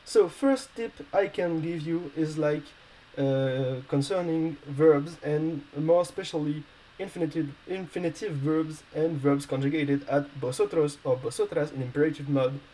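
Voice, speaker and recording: Male language tutor, non-native English speaker, somewhat high voice with a mellow tone, halting and full of fillers. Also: low-quality recording. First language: not English. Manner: hesitant, many fillers and restarts. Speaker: language teacher. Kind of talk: explaining a grammar lesson.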